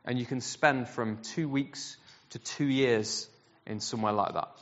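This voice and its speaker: A man preaching a sermon, telling a story in an animated way and acting out the voices he quotes. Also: mid-range voice, unhurried. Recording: dull sound with long hall reverb.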